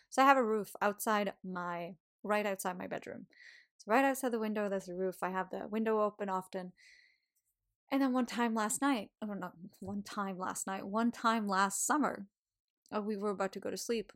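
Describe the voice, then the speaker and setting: Casual woman podcast host, pep-talk monologue, salty language, mid pitch. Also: moderate pace. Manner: swears often, laughs, animated and encouraging.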